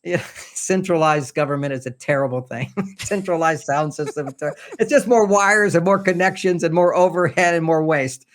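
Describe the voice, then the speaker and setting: An older man, a relationship author appearing as a podcast guest, tells anecdotes conversationally in a fairly high voice at a moderate pace. He acts out the quoted lines of the people in his stories.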